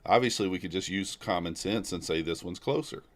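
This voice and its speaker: A man's voice: low-pitched, brisk. A man streaming live futures trading, talking casually and thinking aloud as he reads the charts and greets viewers. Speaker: livestreaming futures trader. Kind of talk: live market commentary.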